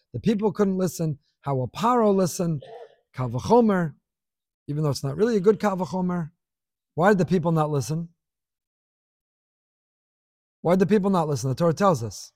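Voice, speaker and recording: A man's voice: on the high side, a little mellow, dry recording, studio quality. A man giving a Torah class, teaching expressively with rhetorical questions and scattered Hebrew and Yiddish terms.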